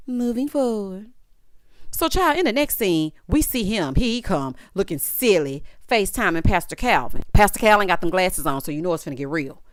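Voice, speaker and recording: A woman's voice: medium pitch, a bit bright, no echo, clean studio sound. A woman giving a casual, opinionated recap of a reality show with a sassy, direct delivery, speaking straight to the people on screen.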